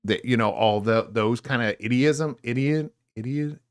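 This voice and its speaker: A man's voice: mid-range voice, normal speed. A middle-aged man from California co-hosting a casual live podcast, rambling and debating with mock voices. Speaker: podcast co-host.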